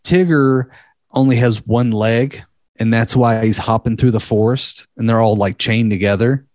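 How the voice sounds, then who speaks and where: A man's voice: mid-range voice, steady tone, normal speed, dry recording. Rambling, profane man, dry close sound. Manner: rambling, profane, laughing at dark material. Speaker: podcast co-host. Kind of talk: casual podcast chat.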